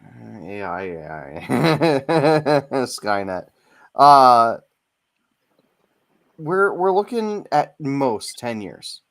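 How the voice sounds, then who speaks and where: A man's voice: medium pitch, very animated, extremely slow, fairly bright tone. A man in his forties co-hosting a casual chat, rambling and hesitant, with many fillers. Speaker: podcast co-host.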